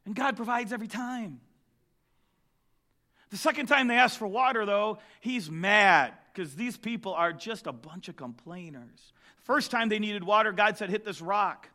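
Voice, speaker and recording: A man preaching a sermon, telling the story with lively jokes and asides. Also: high voice, normal speed. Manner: animated storytelling, joking asides.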